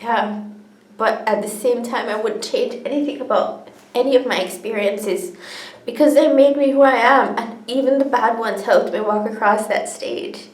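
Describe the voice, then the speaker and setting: A woman's voice: a little high, normal speed. A young woman telling her own story to camera in a candid, earnest way, tearful and laughing often as she talks. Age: young adult. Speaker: vlogger. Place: indoors, sitting on the floor. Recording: echoey room.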